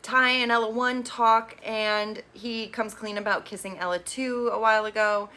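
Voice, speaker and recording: A woman casually recapping a reality show, with sassy opinionated asides and quick quoted impressions. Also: fairly high pitch, fairly even intonation, pushed and bright, a little hiss or hum.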